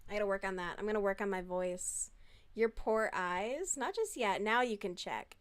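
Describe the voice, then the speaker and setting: A woman's voice: mid-range voice, lively intonation, normal speed. A woman talking in a casual, chatty way on a live stream, answering chat messages and swearing freely.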